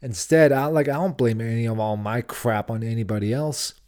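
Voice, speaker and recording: A man's voice: mid-range voice, moderate pace, a little mellow. A man hosting a solo comedy podcast, ranting sarcastically and slipping into mocking impressions. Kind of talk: casual solo podcast monologue. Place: Nashville.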